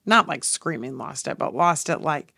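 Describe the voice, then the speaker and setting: A woman's voice: low-pitched, animated, moderate pace, creaky, pushed and bright, no room sound, studio quality. A woman in her forties hosting a podcast, talking in an earnest, confessional way straight to her listeners. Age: 40s. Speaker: podcast host. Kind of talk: casual podcast monologue.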